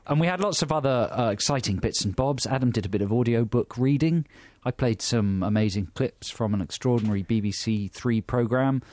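A man's voice: medium pitch, brisk, hardly any pauses, darkish tone, no room sound. A man co-hosting a radio podcast, teasing and wry as he trades jokes in a studio. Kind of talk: casual banter.

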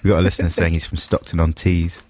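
A man's voice: sits low, quick pace. A man presenting a radio show, bantering with his co-host and laughing often. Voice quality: laughs often, animated delivery. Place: radio studio. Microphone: studio microphone.

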